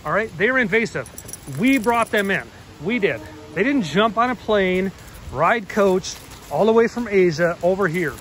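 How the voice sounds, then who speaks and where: A man's voice: high-pitched, animated, a little slow, fairly bright tone, low-quality recording. A man in his thirties vlogging on foot by a pond, speaking earnestly and dramatically to his viewers on a handheld camera. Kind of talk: casual outdoor vlog walk-and-talk. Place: outdoors by a pond. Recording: outdoor ambient noise.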